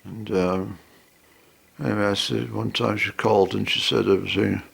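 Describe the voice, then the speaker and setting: A man's voice: lowish voice, steady tone, moderate pace, creaky, a bit bright, breathy edge. A man telling a meandering story and acting out both sides of the conversation. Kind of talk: rambling spoken anecdote.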